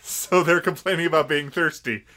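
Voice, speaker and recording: Slightly high-voiced guy co-hosting, adding bits to the recap. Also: normal speed, bright, forceful tone. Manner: chiming in, laughing along. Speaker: podcast co-host. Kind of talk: casual anime recap chat.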